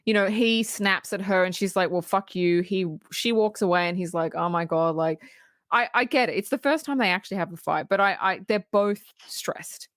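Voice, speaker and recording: A woman co-hosting a podcast, casually recapping a film in animated detail, acting out the characters' lines and swearing freely. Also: medium pitch, normal speed, dry recording, clean studio sound. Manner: animated storytelling, acting out quoted lines, frequent laughs and swearing. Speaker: podcast co-host.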